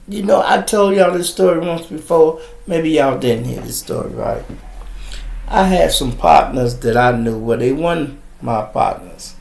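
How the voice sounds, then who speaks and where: A man's voice: medium pitch, gravelly, echoey room. A middle-aged man from Chicago hosting a live podcast, telling streetwise, profane stories in casual talk. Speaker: podcast host. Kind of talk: casual live-stream storytelling.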